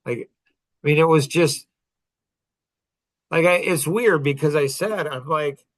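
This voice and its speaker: A man in his sixties telling a story in a casual podcast chat, rambling and halting, with many fillers and restarts. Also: a little high, low-quality recording.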